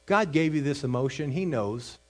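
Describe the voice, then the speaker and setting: A man's voice: fairly high pitch, lively intonation, moderate pace. A man preaching a sermon as pastor, emphatic, stretching out and repeating key phrases.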